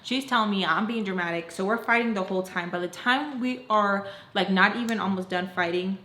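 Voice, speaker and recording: A young woman casually telling a storytime, acting out what people said with big jumps in pitch and saying "like" often. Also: fairly quick. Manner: animated, acts out quotes with jumps in pitch, frequent "like". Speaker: storytime vlogger. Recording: roomy echo, faint background noise.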